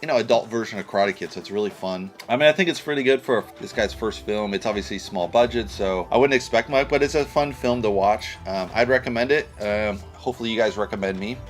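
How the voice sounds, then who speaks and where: A man's voice: fairly low pitch, fast, hardly any pauses, soft background music. Blunt, rambling male movie reviewer. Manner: blunt, rambling, swears casually. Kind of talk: casual spoken film review.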